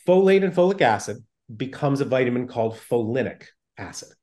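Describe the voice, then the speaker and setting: A man's voice: medium pitch, lively intonation, fairly quick, darkish tone. A man speaking as a doctor in an interview, explaining things in an emphatic, plain-spoken way.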